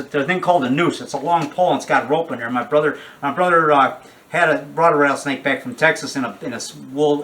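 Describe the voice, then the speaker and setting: A man's voice: a little high, fairly bright tone, distant mic. An older man, a horror filmmaker, talking casually in a rambling, digressive way with many restarts and asides.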